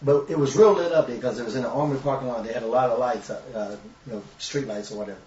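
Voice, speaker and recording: A man's voice: medium pitch, quick pace, a little mellow. A man telling laid-back stories in a casual chat as a co-host. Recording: roomy, distant, muffled live-stream audio with faint noise.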